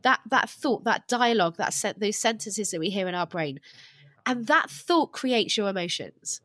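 Animated woman telling her story. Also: medium pitch, moderate pace, no room sound. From England. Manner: animated and self-deprecating, acts out her own past thoughts. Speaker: podcast guest, life coach. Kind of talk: candid conversational storytelling. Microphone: video call.

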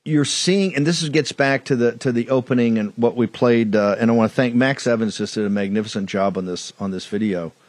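A man's voice: mid-range voice, brisk, few pauses, no echo. A man hosting a political talk show, delivering a combative, mocking monologue with lots of repetition.

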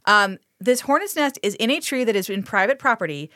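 A woman co-hosting a casual podcast, telling the story of an old TV episode with frequent swearing and exasperated asides. Her voice sits at an ordinary middle pitch. The sound is close and dry, with no room around it. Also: animated, a little fast, sharp tone, no echo. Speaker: podcast co-host. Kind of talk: casual chat recapping a TV episode.

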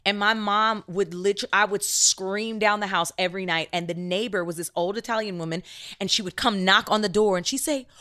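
A woman in her thirties, a podcast co-host, chatting casually with quick joking asides. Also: medium pitch, sharp tone. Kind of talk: casual chat.

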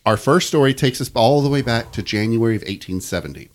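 A man's voice: mid-range voice, lively intonation, fast. A man hosting a casual podcast, reading a story from notes and laughing often. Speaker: podcast host.

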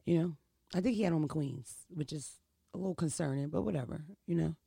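A woman hosting a casual chat, telling stories in an animated, laughing and profane way. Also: low-pitched, a little fast, creaky, breathy edge, no echo, clean studio sound. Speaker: podcast host.

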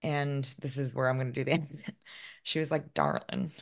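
With a bass voice that barely moves in pitch, a woman in her forties talks a little fast during a casual interview as a guest author. She laughs a lot and readily pokes fun at herself.

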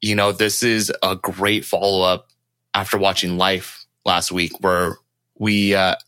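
Deep, bright-voiced man co-hosting. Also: level tone, a little slow, clean tone, dry recording. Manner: enthusiastic, hyped, slangy. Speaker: podcast co-host. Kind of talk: casual podcast chat.

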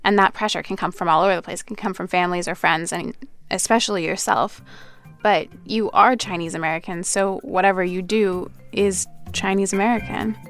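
A woman's voice: on the low side, fairly even intonation, fairly quick, faint music behind. A woman co-hosting a radio podcast, explaining things in a friendly, conversational way. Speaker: podcast co-host. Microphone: studio mic.

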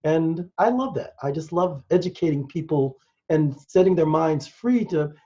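Enthusiastic American man, mellow lo-fi. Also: fairly high pitch, animated, normal speed. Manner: enthusiastic, rambling, explaining. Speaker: podcast guest, doctor. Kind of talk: casual interview talk. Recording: muffled lo-fi sound.

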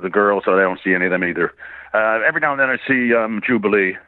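A man's voice: fairly low pitch, rapid-fire, no room sound. A man from Canada, a voice actor guest, telling rambling anecdotes with frequent chuckles in a casual interview. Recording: tinny phone-like line, dry.

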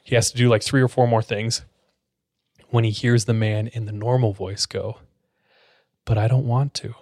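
A man hosting a podcast, casually telling a scary story in a relaxed way and filling his speech with "like". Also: on the low side, normal speed, no echo, studio quality. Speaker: podcast host.

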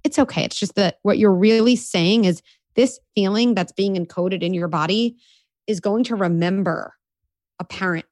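A woman's voice: medium pitch, moderate pace, a little mellow, dry recording, studio quality. A woman psychologist as interview guest, explaining in a reassuring way with casual fillers. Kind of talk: conversational interview.

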